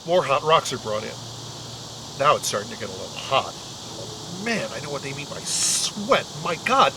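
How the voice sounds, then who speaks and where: A man's voice: high-pitched, background noise. A middle-aged man performing a comic storytelling monologue in a wry, anxious, self-mocking way.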